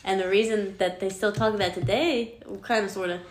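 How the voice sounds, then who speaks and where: A woman co-hosting a podcast in casual chat, animated and giggly as she tells stories. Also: medium pitch, normal speed. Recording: echoey room with faint noise.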